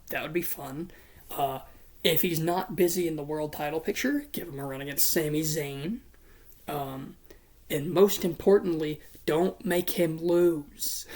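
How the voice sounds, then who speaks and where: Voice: medium pitch, a little mellow. A wrestling booking commentator giving a casual solo talk, narrating imagined matches in a blunt, profane, playful way.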